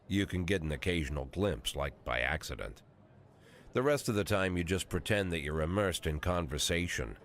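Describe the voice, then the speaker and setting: An actor in his sixties playing a cynical, aging male police chief, narrating a video game in a dry, crude, world-weary way. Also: deep voice. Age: 60s.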